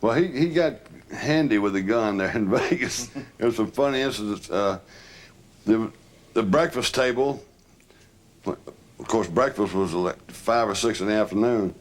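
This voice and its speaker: A man's voice: lowish voice, a little slow. Older guy, storyteller, laughs through his anecdotes. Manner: animated, laughs while telling stories. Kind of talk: reminiscing anecdotes.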